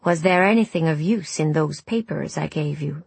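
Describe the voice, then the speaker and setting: A woman voicing a fussing, kindly village woman who gently teases. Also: deep voice, normal speed, vocal fry, slightly rough, no echo, heavily acted.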